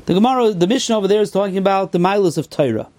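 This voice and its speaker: A man with a high voice teaches a Torah class in American yeshiva English, full of Yiddish and Hebrew terms. He reads the texts in a sing-song, and his pitch leaps up and drops low without warning. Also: animated, rapid-fire, darkish tone. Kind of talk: Talmudic lecture.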